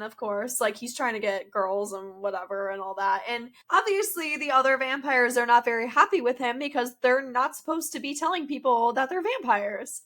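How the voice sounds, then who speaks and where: A woman co-hosting a casual rewatch podcast, summarizing scenes in a relaxed way with lots of fillers. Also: fairly high pitch. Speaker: podcast co-host.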